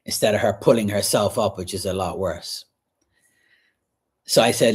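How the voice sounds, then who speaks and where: A man hosting a casual livestream from his kitchen while washing dishes, talking frankly and rambling, often clearing his throat. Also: lowish voice, moderate pace. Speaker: livestream host reading chat. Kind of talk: casual chat.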